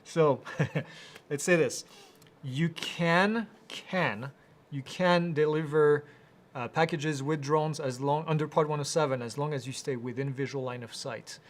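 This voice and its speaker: A man hosting a live Q&A, reading out viewer questions and answering them in a casual, halting way with many fillers. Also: medium pitch, steady tone. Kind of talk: live Q&A chat.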